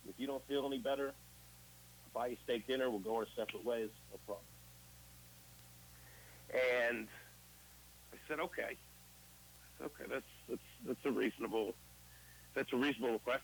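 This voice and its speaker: Here a male interview guest candidly narrates his recovery in a conversational way, acting out old conversations as quoted dialogue. He has a mid-range voice, and the low-quality recording has a little hiss or hum.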